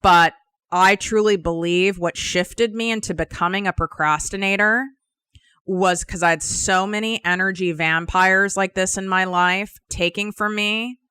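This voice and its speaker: A woman's voice: lowish voice, steady tone, measured pace, sharp tone, clean tone, no room sound. A woman podcast host in her thirties telling a personal story in a candid, confiding way, emphatic and casually swearing.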